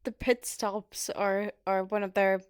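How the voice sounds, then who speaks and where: A woman's voice: medium pitch, flat delivery, unhurried, smooth. A woman co-hosting a casual podcast who asks curious questions and laughs a lot. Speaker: podcast co-host.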